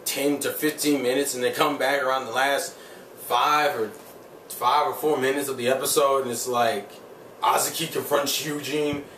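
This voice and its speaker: Heated and foul-mouthed, this vlogger's loose episode review wanders, with "like" dropped constantly. His fairly bright mid-range voice barely moves in pitch, and his pace is moderate. Recorded on a faraway mic, it sounds roomy with a faint ambient background.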